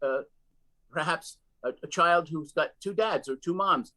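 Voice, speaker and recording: Man, guest commentator, emphatic, repeats words, somewhat high pitch. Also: unhurried, pushed and bright, low-quality recording. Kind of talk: political interview.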